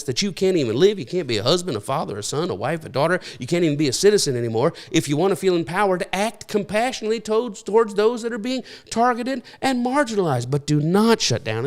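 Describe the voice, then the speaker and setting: A male pastor with a voice pitched a touch high delivers an earnest spoken teaching. He speaks straight to his listeners, urging and exhorting them, and often stumbles, restarts and repeats words as he reaches for the next point. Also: gravelly, darkish tone. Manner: preachy, exhorting listeners directly.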